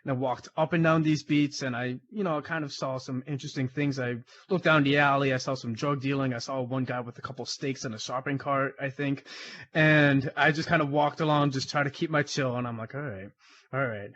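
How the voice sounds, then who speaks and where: A man's voice: mid-range voice, brisk, lo-fi sound. A man guest on an interview podcast, telling a story casually, laughing often and acting out the dialogue. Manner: animated, laughs often, acts out quoted dialogue. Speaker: crime analyst guest.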